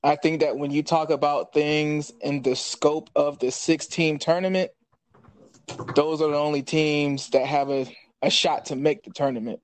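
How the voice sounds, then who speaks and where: A man co-hosting a sports podcast, talking in a thoughtful, unhurried way with many fillers. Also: fairly high pitch, fairly even intonation, poor audio. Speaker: podcast co-host.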